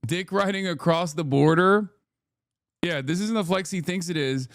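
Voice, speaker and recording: Man streaming commentary, sarcastic and profane, slightly high voice, dry close sound. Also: normal speed, fairly bright tone, no room sound. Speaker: political streamer.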